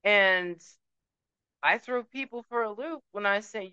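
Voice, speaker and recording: A woman's voice: mid-range voice, measured pace, sharp tone, clean tone, no room sound, muffled recording. A woman from Puerto Rico ranting emphatically to camera as a vlogger, dropping Spanish words into her talk. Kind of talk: emotional rant to camera.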